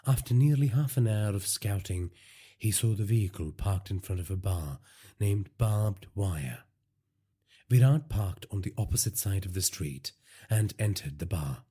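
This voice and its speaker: Deep, husky male audiobook narrator. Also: lively intonation, unhurried, warm tone.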